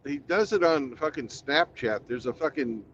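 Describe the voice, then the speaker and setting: A man's voice: fairly high pitch, animated, normal speed, a bit bright. A man streaming on a headset mic, talking in a laid-back, matter-of-fact, profane way. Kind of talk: casual stream chat. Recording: dull, slightly noisy stream audio.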